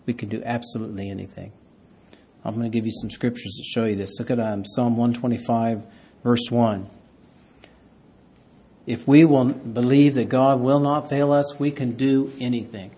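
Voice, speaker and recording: A pastor preaching a sermon, reading scripture aloud and rising loud on key words. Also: male voice, mid-range voice, fairly even intonation, normal speed, breathy edge.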